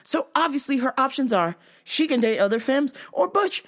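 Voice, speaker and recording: A woman hosts her own show in a loose, unscripted rant. She swears freely and tells her stories with a brash, self-mocking edge, breaking into laughter. Her pitch jumps around constantly. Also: moderate pace. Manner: profane, animated storytelling with bursts of laughter; self-described masculine, brash. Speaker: podcast host. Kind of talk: casual rant.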